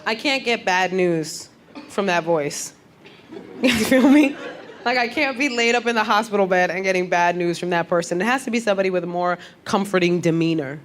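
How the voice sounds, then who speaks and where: A woman comedian telling brash, animated, streetwise stories in a stand-up set on a club stage. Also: medium pitch, moderate pace, background noise. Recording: live club with loud audience.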